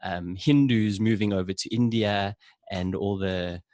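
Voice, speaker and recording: A young South African man with a South African accent, a podcast guest telling stories in a relaxed, chatty way with fillers. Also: lowish voice, unhurried, dry recording, clean studio sound. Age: young adult. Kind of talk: casual interview chat.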